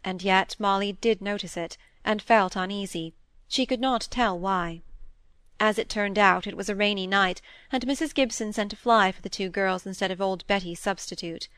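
Narrating a classic novel for an audiobook, a woman keeps her storytelling calm and measured; her mid-range voice is smooth, and the recording has no echo.

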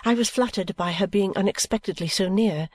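A woman reading a novel aloud as a first-person audiobook narrator, with a calm, even storytelling delivery. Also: medium pitch, brisk, dry recording. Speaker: audiobook reader.

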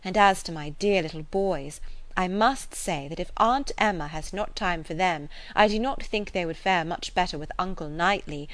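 A woman reading the part of a spirited, witty young lady who talks in an animated, teasing way. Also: on the low side, normal speed, no room sound, close to an everyday voice.

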